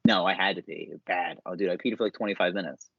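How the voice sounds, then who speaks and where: A man's voice: low voice, steady tone, fast, vocal fry, breathy edge, dry recording. A young man co-hosting a podcast in loose casual chat, rambling, swearing and laughing often. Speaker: podcast co-host. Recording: dull, dry, lo-fi podcast mic.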